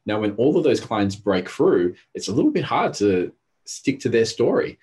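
A man's voice: lowish voice, big pitch swings, moderate pace, darkish tone, breathy edge. A man, a therapist and coach, telling intense stories in a casual podcast conversation and acting out what people said. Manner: intense, storytelling, acts out quotes.

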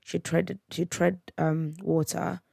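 A woman's voice: on the low side, little pitch movement, slow, creaky, mellow, no room sound, clean studio sound. A woman, casually retelling a dispute on a podcast and acting out both sides of it. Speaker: podcast host. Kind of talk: casual storytelling.

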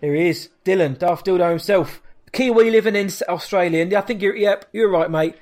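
A man's voice: high-pitched, brisk, a little mellow. A man hosting a podcast in an upbeat, chatty way, calling the listener "mate". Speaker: podcast host. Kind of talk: casual podcast chat.

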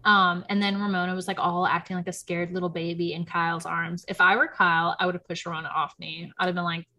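A young woman hosting a casual chat, telling stories in an animated way, full of "like" and quick laughs. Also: fairly low pitch. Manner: animated storyteller, heavy on "like", laughs often. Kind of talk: casual chat recapping a reality show.

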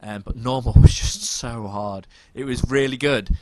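A man's voice: mid-range voice, moderate pace, background noise. A man chatting enthusiastically about video games as a co-host. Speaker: podcast co-host. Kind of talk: casual chat.

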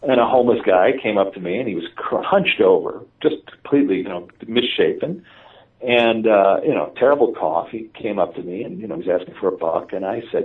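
A man telling stories in a casual conversation, animated and laughing, with many fillers and restarts. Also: on the low side, fairly quick. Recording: distant, tinny phone-like audio.

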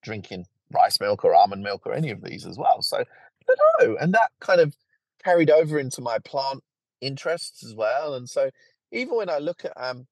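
A man talking as a podcast guest, with a husky, slightly breathy voice that swoops up and down a lot. His delivery is lively and chatty. The recording is dry and close, with no room sound. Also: mid-range voice, moderate pace, no room sound. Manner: lively, chatty, laughs easily. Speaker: podcast guest, plant marketer and author. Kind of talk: casual conversation.

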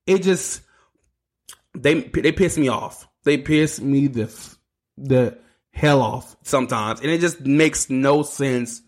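On his solo sports podcast, a man whose voice sits on the high side and sounds a bit bright goes on a heated rant. He curses and stumbles as he talks.

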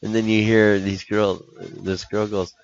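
A man's voice: fairly low pitch, little pitch movement, a little slow, lo-fi sound. A man who coaches hockey, telling stories in a podcast interview with animation and laughing at his own punchlines.

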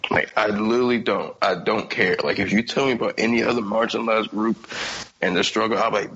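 A man's voice: fairly low pitch, steady tone, fairly quick, fairly bright tone, dull audio, slight background noise. A man co-hosting a casual podcast, ranting heatedly in slang and laughing often. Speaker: podcast co-host.

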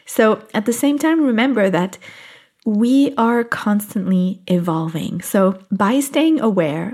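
A woman talking directly to her viewers about self-improvement. Her voice sits at a middling pitch. She sounds gentle and encouraging, laughs now and then, and slows down to stress her main points. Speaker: self-help speaker. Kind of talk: motivational talk to viewers.

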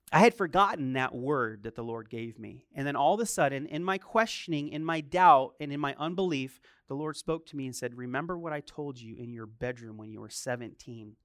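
A young man preaching a sermon, telling a personal story quietly and then building to loud, high-pitched preaching. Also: normal speed, no echo, clean studio sound. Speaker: pastor.

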